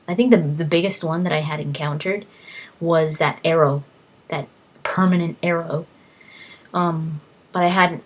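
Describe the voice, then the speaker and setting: The low, husky voice of a woman chatting about a game she loves. She rambles eagerly, tripping over and repeating her words. It sounds like a casual, unscripted gaming vlog. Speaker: gaming vlogger.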